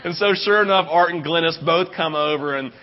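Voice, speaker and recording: A middle-aged man preaching a sermon in a casual, story-driven way. He keeps checking in with "right?" and leaps into a loud, high voice when he quotes someone excited. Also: fairly quick, dull audio. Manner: conversational, keeps asking "right?". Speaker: pastor.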